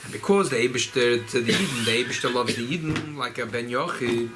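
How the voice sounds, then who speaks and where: A rabbi, speaking informally at a farbrengen gathering, often repeating and restarting phrases. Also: male voice, mid-range voice, brisk, very noisy. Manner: repetitive, restarts phrases, mixes Yiddish and Hebrew terms. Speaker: rabbi giving a farbrengen talk. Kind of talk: informal Chassidic talk at a gathering.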